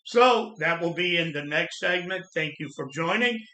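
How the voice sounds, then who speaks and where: A middle-aged man hosting his channel, earnestly telling his own life story in a plain-spoken, halting way. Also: on the high side, animated, sharp tone. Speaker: channel host sharing personal trauma story. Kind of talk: personal storytelling monologue. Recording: echoey room.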